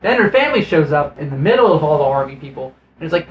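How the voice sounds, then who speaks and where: A man's voice: a little high, animated, fast talker, few pauses, highs cut off. A man hosting his own video, giving a rambling, sarcastic, profanity-laced recap of a movie. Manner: rambling with frequent restarts. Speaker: video host reviewing a film.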